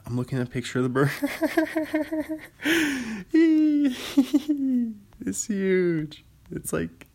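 A man's voice: medium pitch, a little mellow. A young man from Washington state hosting a podcast in a casual, rambling solo chat, often laughing. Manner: rambling, chatty, laughs easily. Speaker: podcast host.

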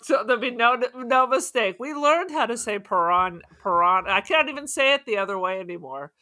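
A woman with a high, very animated voice that rises and falls widely, making playful, sarcastic quips as she co-hosts a podcast. Her tone is bright and sharp, and the talk is a casual review of a horror film. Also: brisk. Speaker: podcast co-host. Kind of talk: casual movie review chat.

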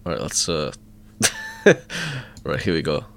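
A man's voice: very deep voice, measured pace, creaky, fairly bright tone, slight background noise. A man co-hosting a podcast, laid-back and easygoing, swearing casually while reviewing demos. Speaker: podcast co-host.

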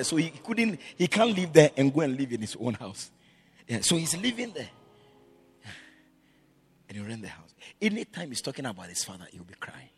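A man preaching a sermon as pastor, swinging between loud shouted lines and quiet, low storytelling.

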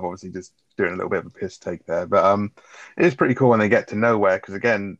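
A man's voice: fairly low pitch, steady tone, fast talker, no room sound, muffled recording. A man co-hosting a casual film review chat, swearing freely as he retells scenes. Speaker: film review podcast co-host.

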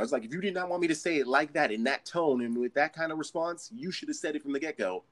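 A man's voice: medium pitch, fast, no room sound. A man who works in a store, telling a long, profane, ranting story about crowds and customers in a casual chat. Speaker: retail store worker. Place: San Jose.

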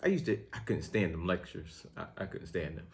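A man's voice: low voice, fairly quick, creaky. A man in his thirties co-hosting a podcast, teasing his co-host and explaining things in a laid-back way. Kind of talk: casual chat.

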